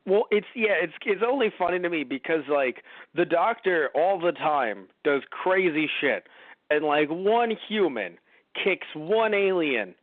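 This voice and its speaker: A man co-hosting a casual review podcast. His fairly high voice rambles animatedly through long thoughts. The sound is dry and tinny, like a phone line. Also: measured pace, no room sound. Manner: rambling, animated, acts out quotes. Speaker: podcast co-host.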